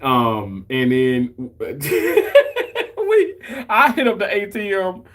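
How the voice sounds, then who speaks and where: Male streamer, warm-hearted rambling chatter in a slightly high voice. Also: wildly swooping pitch, very slow. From Mississippi. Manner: chatty, emotional and effusive. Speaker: livestream host. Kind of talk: casual chat.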